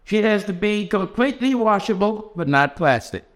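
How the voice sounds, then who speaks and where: A man's voice: high-pitched, lively intonation, moderate pace, fairly bright tone, voice pushed up. A man reading the part of the Lord, an eager male creator, in an earnest, heightened way.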